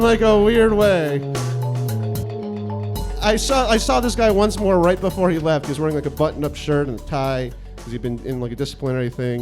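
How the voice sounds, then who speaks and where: A comedian in his thirties from New York City, with a fairly high-pitched voice, tells a profane, self-mocking personal story and acts out the quotes.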